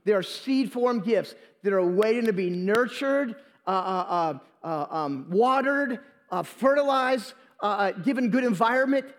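A man's voice: high voice, expressive, unhurried. A man preaching a Sunday sermon in church, repeating phrases for emphasis and restarting words as he goes. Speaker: pastor. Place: church during a live Sunday service. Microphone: handheld or stand microphone.

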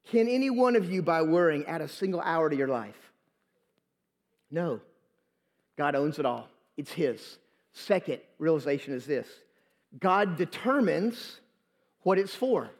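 A man's voice: fairly high pitch, lively intonation, unhurried, long pauses. A man preaching a Sunday sermon in church, repeating phrases for emphasis and restarting words as he goes. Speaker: pastor. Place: church during a live Sunday service. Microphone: handheld or stand microphone.

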